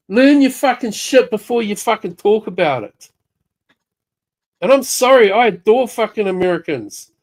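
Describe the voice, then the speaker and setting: A woman with a New Zealand accent ranting angrily in a live chat, swearing nonstop and calling out people by name. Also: fairly high pitch. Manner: heated, swearing constantly, jabbing at named people. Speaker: livestream chatter. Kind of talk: angry profane rant.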